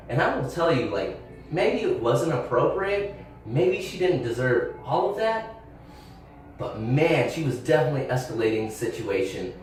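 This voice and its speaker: A young man talks candidly and in a rambling way, with fillers and restarts, as he hosts his own channel. His voice sits at an ordinary pitch and is picked up from a little way off the mic. The room is very echoey, with faint background hiss. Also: expressive, moderate pace, a little mellow, far from the mic. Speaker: channel host. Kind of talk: personal storytelling monologue.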